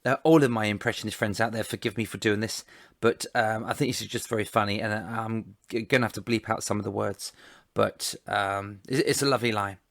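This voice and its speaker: A man's voice: on the low side, fairly even intonation, a little fast, creaky, no room sound. Chatty male podcast host, dry sound. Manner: chatty, laughs often, warm thanks. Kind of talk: casual interview and outro.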